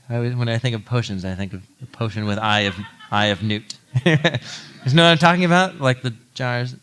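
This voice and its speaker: A man pastor giving a conversational sermon, telling a story with animated asides to the audience. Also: medium pitch, a little fast, clean tone.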